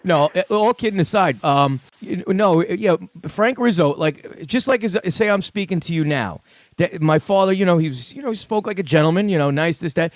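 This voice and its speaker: A man, hosting a comedy podcast and telling crude, rambling stories with a gruff, profane manner. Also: sits high, expressive, fairly quick, dry recording. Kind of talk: crude casual storytelling.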